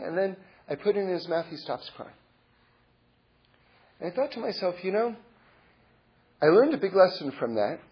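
A middle-aged man tells a personal story to teach a religious lesson, sounding earnest and reflective. His high, husky voice comes through lo-fi audio, and he halts often, repeating words and starting over.

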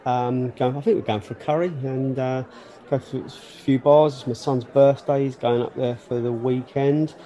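A man's voice: mid-range voice, steady tone, moderate pace, dark tone. A man co-hosting a casual football fan podcast, chatty and full of hesitant fillers. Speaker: podcast co-host.

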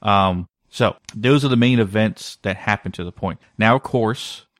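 Low-voiced man telling a story. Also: moderate pace, no echo, studio quality. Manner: animated storytelling with filler words. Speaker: podcast co-host. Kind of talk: casual conspiracy podcast chat.

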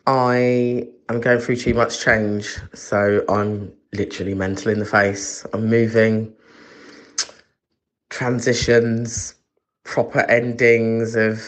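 A bubbly caller leaving a voice message from a bathroom, speaking in a slow, drawn-out way. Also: medium pitch, level tone.

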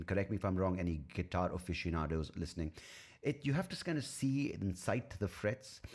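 A man's voice: deep voice, darkish tone. A man, hosting a casual solo podcast, rambling and self-mocking and swearing freely. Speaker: podcast host.

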